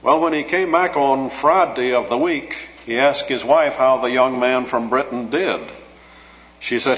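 A man delivers a sermon in a measured, teacherly manner, drawing out key phrases for emphasis. His voice sits at an ordinary middle pitch. The recording is dull and lo-fi, with a long reverb trailing off the walls of a large hall. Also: fairly bright tone. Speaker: preacher. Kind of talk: expository sermon.

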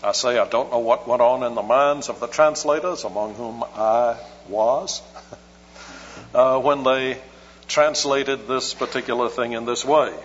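A man preaching an expository sermon in a measured, scholarly way with dry humor. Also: medium pitch. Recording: muffled hall recording with hum.

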